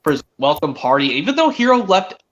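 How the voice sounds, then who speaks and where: A man's voice: on the high side, very animated, brisk, a bit bright, dull audio. A teenage boy streaming a casual chat, rambling with many restarts as he retells cartoon scenes. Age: teens. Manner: rambling, restarts often, quotes characters.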